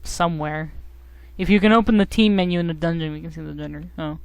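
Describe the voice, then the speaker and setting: A woman's voice: sits low, fairly even intonation, fast, vocal fry, a little mellow, clear, resonant tone, dry recording. A young woman streaming a game, chatting casually in a giggly, self-mocking, rambling way. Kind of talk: casual live-stream chat.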